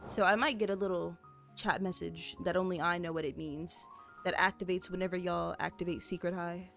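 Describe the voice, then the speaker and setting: A young woman with a lowish, steady, creaky voice talks fairly quickly while streaming a building game. She chats casually with her viewers, rambling with lots of fillers and little giggles, as soft music plays faintly in the background.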